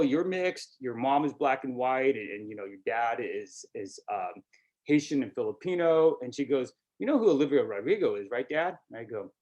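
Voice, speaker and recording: A middle-aged man presenting a workshop over a video call in a conversational way, often adding "you know" and "right?". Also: fairly high pitch.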